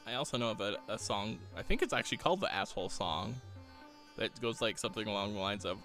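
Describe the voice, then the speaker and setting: A man's voice: lowish voice, lively intonation, fast talker, sharp tone. A man streaming live while he draws, rambling casually, chuckling often and reading chat aloud. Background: faint game soundtrack music.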